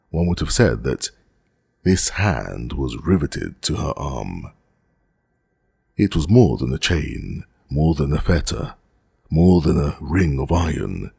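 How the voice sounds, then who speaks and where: A man narrating a classic novel as an audiobook, in a measured, dramatic reading. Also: very deep voice, gravelly, darkish tone, breathy edge, dry recording, clean studio sound.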